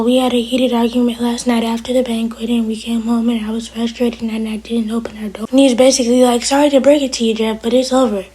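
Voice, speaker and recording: A woman's voice: on the high side, warm tone, slightly rough, low-quality recording. A woman reviewing a TV episode in a casual recap, retelling scenes with quoted lines and often dropping to a whisper.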